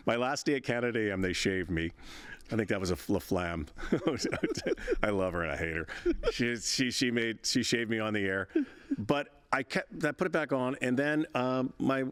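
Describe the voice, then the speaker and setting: A man's voice: medium pitch, huge pitch swings, normal speed, a bit bright, smooth, no echo. A man in his sixties, a veteran broadcaster and interview guest, telling stories in a chatty, rambling way with frequent laughs and restarts. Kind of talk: casual interview storytelling.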